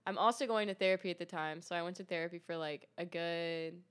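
A woman's voice: on the low side, fairly even intonation, fast, clean tone. A young woman telling her faith testimony in a casual chat, earnest and full of fillers and restarts. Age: young adult. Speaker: guest sharing testimony.

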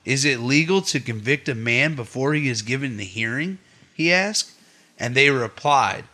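A man's voice: mid-range voice, expressive, moderate pace, pushed and bright. A man leading his family's Bible study at home, reading scripture aloud and stopping for chatty asides to his listeners. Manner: reads steadily, adds chatty asides to the listeners.

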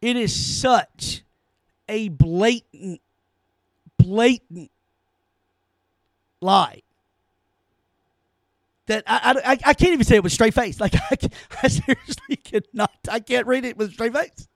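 A man with a fairly high voice hosts his own commentary podcast and rants with heat and sarcasm, tripping over repeated words. The sound is close and dry, with no room echo. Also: slow pace, vocal fry, pauses often. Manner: heated, sarcastic, stammering ranting. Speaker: podcast host.

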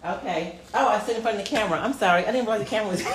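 A woman's voice: medium pitch, racing, hardly any pauses, recorded from a distance, heavy background noise. A woman co-hosting a casual home show, playful and giggly, often apologizing with a laugh. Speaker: podcast co-host, mother. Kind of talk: casual chat. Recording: roomy, off-mic with faint ambience.

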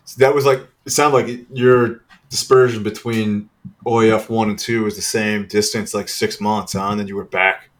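A man with a low voice hosts a casual interview podcast. He speaks in short prompting questions and relaxed affirmations, keeping things easygoing. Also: normal speed. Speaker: podcast host.

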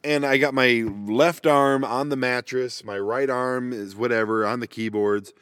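A man's voice: mid-range voice, fairly even intonation, unhurried, fairly bright tone, clean tone, no echo, studio quality. A man chatting casually and rambling with goofy self-mocking asides, recorded on a laptop inside a parked minivan. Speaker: vanlife vlogger. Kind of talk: casual solo chat. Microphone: laptop microphone.

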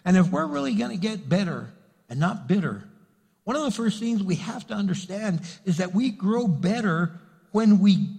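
A man's voice: high voice, creaky, a little mellow, husky. A man preaching a sermon as pastor, building emphasis and acting out quotes. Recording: reverberant hall.

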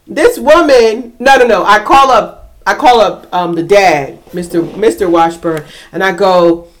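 A middle-aged woman telling a story in casual chat, animated, acting out voices and laughing in bursts. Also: on the high side, a little slow, slight background noise. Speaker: podcast co-host.

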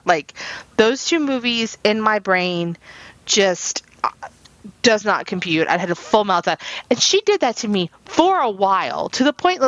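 A woman's voice: medium pitch, no echo, rough recording. A woman in her late thirties co-hosting a podcast, telling stories in casual chat with frequent giggles. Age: late 30s. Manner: giggly, animated storyteller; self-described anxious. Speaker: podcast co-host.

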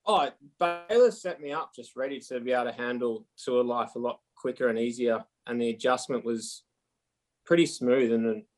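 Relaxed Australian man in his thirties. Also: mid-range voice, moderate pace. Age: 30s. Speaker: guest athlete. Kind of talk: casual interview over a call.

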